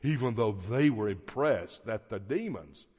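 A man preaching a sermon in a church hall, teaching slowly and deliberately with emphatic phrases. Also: lowish voice, expressive, a little mellow, husky. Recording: dull audio with long hall reverb.

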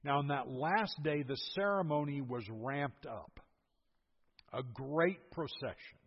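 Husky older preacher in a reverberant hall. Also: male voice, fairly high pitch, slow pace. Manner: expository, explains scripture verse by verse with emphatic asides. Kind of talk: sermon. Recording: husky voice, dull lo-fi sound, long hall reverb.

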